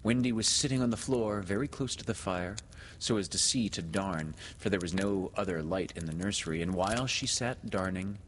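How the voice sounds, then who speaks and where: A man reading a storybook aloud in a slow, expressive way. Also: low-pitched. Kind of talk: storybook narration read aloud. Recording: long hall reverb, faint noise.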